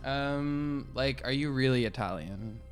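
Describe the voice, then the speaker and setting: Male podcast guest, mid-pitched, unsure but blunt, curses easily, faint music behind. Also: measured pace. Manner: hesitant, blunt, swears casually. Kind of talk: casual chat.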